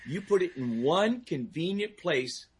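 A man's voice: on the high side, expressive, a little slow, breathy edge. A man speaking as a guest on a talk show, giving personal safety advice with emphatic restarts and questions aimed at the audience.

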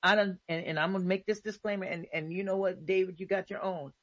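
A woman's voice: on the low side, fairly even intonation, fast, dry recording, dull audio. A woman hosting a casual faith talk show, speaking emphatically and repeating her points.

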